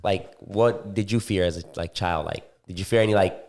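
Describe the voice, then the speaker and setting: A man's voice: low voice, fairly quick, darkish tone. A man hosting a podcast in casual chat, loose and joking, swearing freely. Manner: loose, profane, joking banter.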